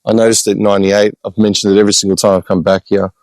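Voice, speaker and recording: An Australian man, a podcast host, telling stories in an animated, exasperated way with blunt swearing, in a casual walk-and-talk vlog. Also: fairly low pitch, rapid-fire, no echo, poor audio. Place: outdoor hillside cemetery with birds.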